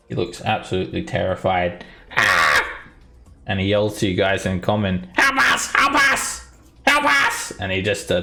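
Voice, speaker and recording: A man's voice: sits low, creaky, a bit bright. A man running a tabletop game as dungeon master, narrating easily with chuckles and fillers.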